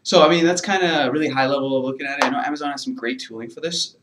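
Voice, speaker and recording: A man talks through a technical subject from his home in a casual, meandering manner. His voice sits at an ordinary middle pitch, with a faint hiss behind it. He leans on filler words as he goes. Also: fairly even intonation, very fast. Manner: loose, hedging, heavy on "kinda" and "really". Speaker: guest software developer. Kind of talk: casual technical explanation on a live webcast.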